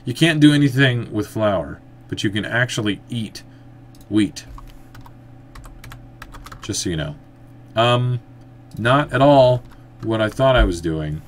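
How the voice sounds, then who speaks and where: A man giving casual let's-play commentary, thinking aloud as he plays and breaking into excited outbursts. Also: lowish voice, slow pace, pauses often, slight background noise. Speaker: gameplay commentator.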